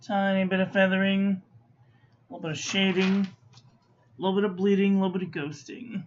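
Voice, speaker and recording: A woman's voice: medium pitch, little pitch movement, normal speed. A woman reviewing ink on paper in a casual chat, listing short verdicts with chatty asides. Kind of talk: casual hands-on review narration. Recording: slightly muffled lo-fi recording.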